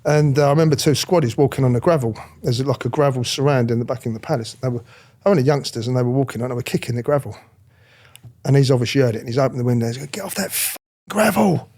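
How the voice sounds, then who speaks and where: Rapid-fire and medium-pitched, a middle-aged ex-royal protection officer delivers blunt stories in a candid interview. He's animated throughout, swearing freely and mimicking the people he describes.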